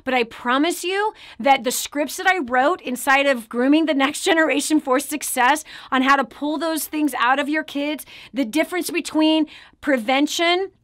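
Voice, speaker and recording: A woman's voice: high-pitched, normal speed, fairly bright tone. A middle-aged woman giving an earnest motivational talk on parenting, speaking straight to the viewer and calling them friend. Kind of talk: direct-to-camera motivational talk.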